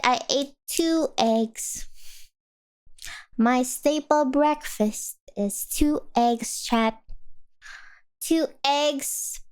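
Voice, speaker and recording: Her voice is a little high and smooth as she talks casually with her live audience. The young streamer giggles frequently, reads viewer messages out loud, and drifts between subjects.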